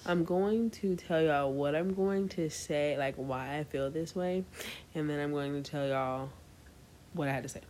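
Animated young woman telling a story. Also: deep voice, measured pace, a little hiss or hum. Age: young adult. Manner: animated storyteller addressing listeners as y'all. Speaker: podcast co-host. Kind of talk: casual chat.

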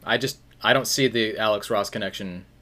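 A man's voice: on the low side, fairly quick, bright, forceful tone. A man co-hosting a comic book podcast, talking casually in a blunt, sarcastic way. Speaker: podcast co-host. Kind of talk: casual chat.

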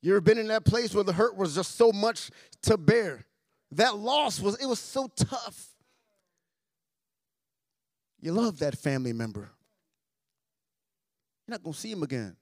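A man with a fairly high voice preaches to his congregation, repeating phrases and swinging from hushed to loud. The sound is dry and close. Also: very animated, measured pace, long pauses, no room sound. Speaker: pastor. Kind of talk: sermon. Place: church sanctuary.

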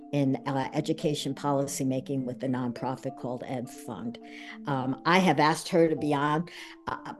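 An older woman hosting a casual podcast conversation, chatty and quick to correct herself with a laugh. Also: low-pitched, a little mellow. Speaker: podcast host.

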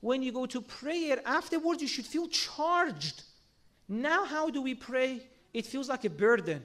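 A man's voice: very high-pitched, lively intonation, measured pace, a bit bright. A man giving a sermon, earnest and full of rhetorical questions and everyday examples. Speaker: religious speaker.

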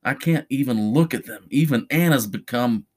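A man's voice: medium pitch, normal speed, darkish tone, husky, close to an everyday voice. A man voicing a desperate young man in a horror story reading, anxious and pleading. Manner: pleading, frantic.

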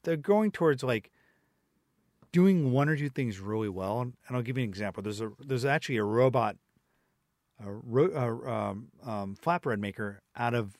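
A man's voice: medium pitch, lively intonation, normal speed, darkish tone, no room sound, studio quality. A man talking as a podcast guest, opinionated and rambling with many fillers. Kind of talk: casual chat.

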